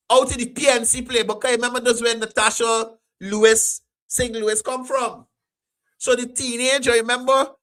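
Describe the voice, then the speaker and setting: A man hosting a call-in talk show, animated and repeating his phrases. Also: extremely high pitch.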